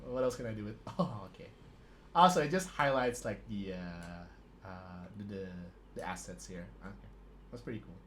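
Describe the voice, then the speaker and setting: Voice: low-pitched, moderate pace, a little hiss or hum. A stream host commentating a tabletop wargame live, laughing constantly and swearing in disbelief at the dice rolls.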